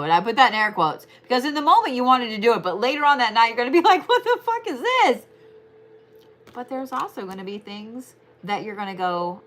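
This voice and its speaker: A young woman giving a casual astrology tarot reading, talking fast, blunt and swearing freely. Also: mid-range voice, a bit bright. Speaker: tarot reader.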